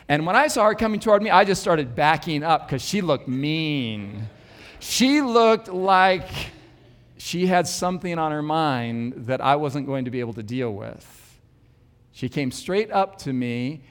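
A man's voice: fairly high pitch, fairly bright tone. A man preaching, telling a personal story with an earnest, wry and self-deprecating manner. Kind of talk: sermon storytelling. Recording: long hall reverb.

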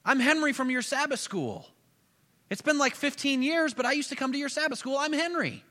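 A man's voice: very high voice, expressive, brisk, bright, forceful tone, voice pushed up, heavily acted. A man voicing an eager, pleading male jungle warrior chief in a raised, strained voice. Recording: echoey hall.

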